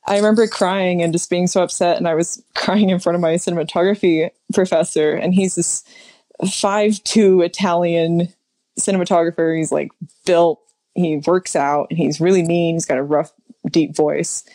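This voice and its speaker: A young woman guesting on a podcast, her voice a little low and close to the mic in a dry room. She tells stories casually, laughs a lot and slips in quoted asides. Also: steady tone, normal speed, mellow, no echo.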